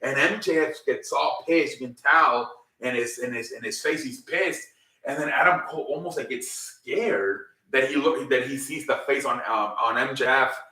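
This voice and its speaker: A man's voice: medium pitch, normal speed, bright, forceful tone. A man casually recapping a wrestling show, rambling with lots of fillers and swearing freely. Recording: roomy, mic at a distance.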